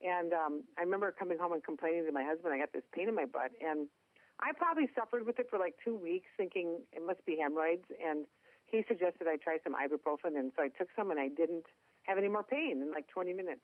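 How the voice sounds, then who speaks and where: Heard over a tinny, dry phone line, a woman guest with a Minnesota accent gives a phone interview in a folksy, joking way. Her voice is on the low side and quick, with no echo, and her manner is chatty and full of self-deprecating humor.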